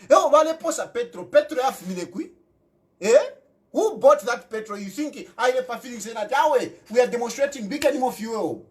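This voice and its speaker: Fiery Zambian man, lively pitch. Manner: emphatic, repeats phrases, peppers talk with rhetorical questions and "eh?"; mixes English with local language. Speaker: political commentator. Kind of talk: impassioned political commentary.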